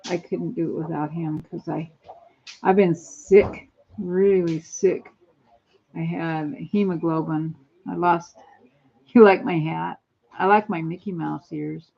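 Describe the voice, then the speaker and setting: A woman's voice: on the low side, steady tone, slow pace, gravelly, pauses often, warm tone, slightly rough. A woman in her sixties chatting at home on a phone live stream, rambling from one topic to the next. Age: 60s. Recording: dull lo-fi phone audio.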